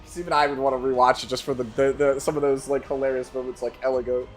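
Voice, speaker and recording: A man hosting a live stream, chatting casually in an excitable, rambling way. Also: mid-range voice, fast talker, soft background music. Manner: excitable, rambling, with many restarts. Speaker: streamer host.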